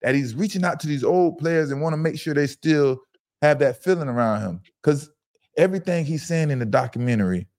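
Emphatic, animated man talking sports. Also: a little high, brisk. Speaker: podcast co-host, former football player. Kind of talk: casual sports talk.

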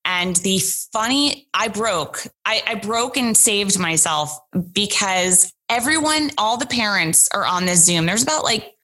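A woman hosting a podcast, chatting casually and telling her own stories with quick, animated exclamations. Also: medium pitch, low-quality recording. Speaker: podcast host. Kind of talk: casual chat.

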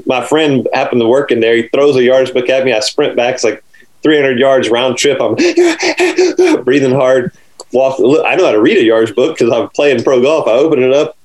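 A man telling a lively anecdote about his caddying days in conversation. He laughs often and acts out other people's lines. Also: mid-range voice, moderate pace, low-quality recording. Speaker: former caddie telling a story.

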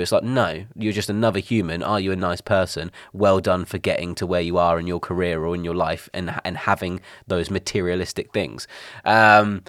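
A man's voice: low-pitched, fairly quick, fairly bright tone, dry recording, studio quality. A man co-hosting a podcast, talking in a reflective, casual way with frequent restarts. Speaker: podcast co-host. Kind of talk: casual chat.

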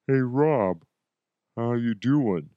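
A man putting on a slow drawling deadpan voice. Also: mid-range voice, dry recording, muffled recording. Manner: stretched-out, drawn slow words. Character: slow-drawling man messing with a stoned friend.

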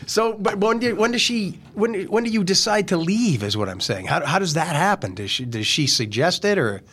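A man's voice: high voice, expressive, normal speed, a bit bright, husky. A man hosting an interview, asking his guest questions in a playful, teasing way. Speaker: show host. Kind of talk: casual interview chat.

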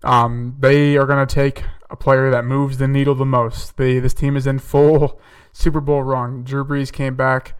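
Young man, podcast host, casual solo commentary, flat delivery, smooth clear voice. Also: medium pitch, unhurried, few pauses, far from the mic. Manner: chatty, thinks aloud with fillers and self-corrections.

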